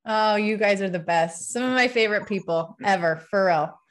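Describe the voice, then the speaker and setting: A woman's voice: mid-range voice, normal speed. Podcast host, woman, gushing and upbeat in casual chat. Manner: warm, effusive, enthusiastic.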